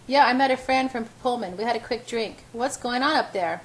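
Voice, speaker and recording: A woman's voice: fairly high pitch, brisk, slight background noise, lightly acted. A woman voicing a concerned young man in an amateur audiobook reading. He talks casually and swears when he is shocked. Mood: calm.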